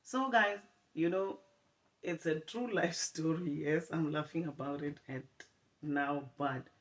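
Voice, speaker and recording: A woman telling a personal story to her viewers in an animated storytime vlog, often calling them "guys". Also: low voice, slow pace, rough recording. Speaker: vlogger.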